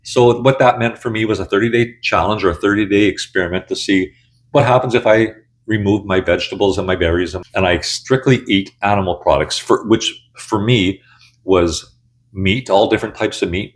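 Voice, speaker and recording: A man's voice: fairly low pitch, moderate pace. A man in his sixties telling his own story to camera in a candid, blunt, conversational way. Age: 60s. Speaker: channel host. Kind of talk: casual personal storytelling.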